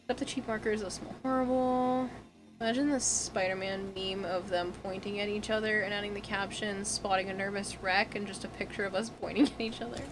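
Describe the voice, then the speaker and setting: A woman with a Boston accent talks loosely and casually as she works on a craft project on stream, filling her sentences with "like" and "um". Her voice sits at an ordinary middle pitch, and music plays clearly behind her in a home room. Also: steady tone, fairly quick, rough recording. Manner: rambling, chatty, frequent "like" and "um", swears casually. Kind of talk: casual livestream chat while crafting. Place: home room with an air conditioner.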